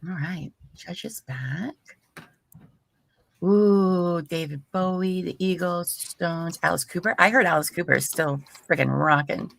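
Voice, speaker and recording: A woman's voice: on the low side, unhurried, vocal fry, a bit bright, dry recording. A woman in her late thirties hosting a live stream, chatting casually in a rambling way and laughing often. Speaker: livestream host.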